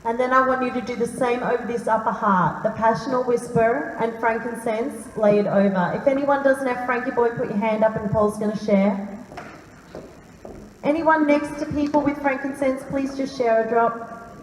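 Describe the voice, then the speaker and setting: A woman calmly guiding a live audience through a breathing meditation in a large hall, speaking slowly and soothingly. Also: fairly high pitch, slight background noise. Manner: calm, slow and soothing. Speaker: workshop leader. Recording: roomy hall reverb, faint ambience.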